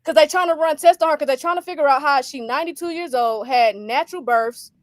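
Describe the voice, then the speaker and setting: A woman co-hosting a casual livestream chat, telling stories in an animated way and acting out quotes. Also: high voice, quick pace, no room sound, studio quality. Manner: animated storytelling with laughs and acted quotes. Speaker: podcast co-host.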